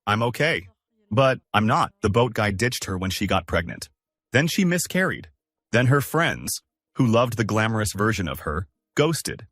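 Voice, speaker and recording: Lively, low-voiced male story narrator. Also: normal speed, no room sound, clean studio sound. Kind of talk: scripted first-person story narration.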